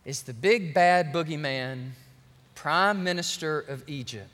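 A man preaching a sermon as pastor, animated and joking, speaking straight to his congregation. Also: on the high side, unhurried. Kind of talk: lively sermon. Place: large church sanctuary. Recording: long church hall reverb.

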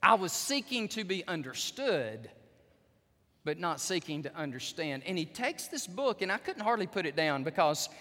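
A pastor, preaching a sermon in a church sanctuary, swinging from quiet asides to loud emphatic peaks. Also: male voice, sits high, sing-song, normal speed. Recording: reverberant church hall.

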